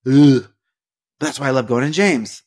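A young man hosting a casual devotional podcast, talking in a rambling, earnest way with lots of fillers, restarts and sudden animated emphasis. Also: medium pitch, measured pace. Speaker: podcast host.

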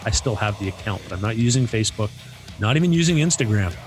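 Casual male podcast co-host, low-pitched, easygoing, faint music under. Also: quick pace. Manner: relaxed, agreeable, lots of "yeah" and "that's right".

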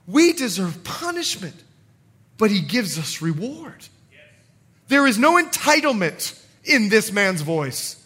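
Animated high-voiced male pastor preaching. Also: slow, breathy edge. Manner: animated, playful, acts out quotes. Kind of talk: sermon. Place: church service.

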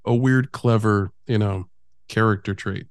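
A man's voice: on the low side, steady tone, a little slow, smooth, no room sound, studio quality. A man co-hosting a podcast, chiming in casually with opinions about a movie. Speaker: podcast co-host.

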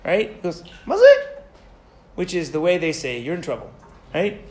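Lively high-voiced male teacher, echoey room. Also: quick pace. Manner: lively, animated storyteller, asks the class questions. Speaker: Torah teacher. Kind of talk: storytelling lesson to a class. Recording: echoey room with faint ambience.

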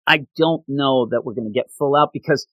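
A man casually recapping a manga chapter with a co-host, rambling and quickly acting out the characters' lines. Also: medium pitch, fairly bright tone, no echo.

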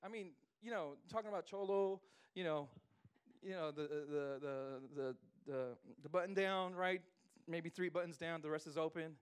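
Animated, high-voiced preacher man. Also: moderate pace, smooth. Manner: playful, animated preaching with laughter. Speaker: pastor. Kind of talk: sermon.

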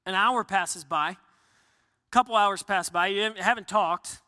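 A man's voice: high-pitched, moderate pace, sharp tone, long reverb tail. A male pastor preaching in a casual, candid way, with joking asides to the congregation. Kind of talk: conversational sermon.

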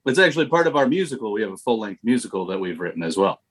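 A man being interviewed as a band member on a comedy radio show, answering absurd questions in a matter-of-fact, deadpan way. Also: fairly low pitch, racing. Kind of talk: comic interview.

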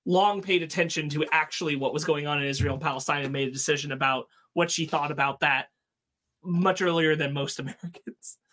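A man's voice: fairly high pitch, fairly even intonation, fairly quick, bright, forceful tone. Earnest, blunt man on a podcast. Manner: earnest and blunt, thinking aloud with fillers and the odd curse. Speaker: podcast co-host. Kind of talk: casual podcast chat.

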